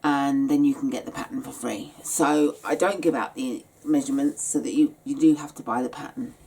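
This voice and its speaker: A woman's voice: extremely low pitch, fairly quick, a little mellow, husky. A tired woman giving a chatty, rambling sewing tutorial, yawning and hesitating as she explains her steps. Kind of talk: casual step-by-step craft tutorial.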